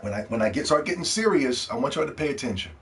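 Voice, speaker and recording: A man's voice: medium pitch, expressive, fast, fairly bright tone. A man hosting a podcast in a casual, profane, sarcastic rant. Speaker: podcast host.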